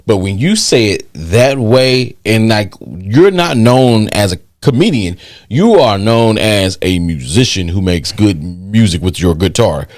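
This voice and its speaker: A man hosting a podcast in casual chat, animated and swearing freely. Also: unhurried, no echo, clean studio sound. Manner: animated, acts out reactions in a loud high voice. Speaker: podcast host.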